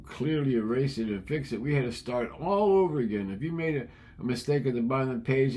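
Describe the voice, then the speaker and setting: Indignant older man in his 70s, middle pitch, ranting monologue. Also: warm tone. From United States. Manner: indignant, ranting, repeats himself. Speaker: vlogger. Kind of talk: opinionated monologue.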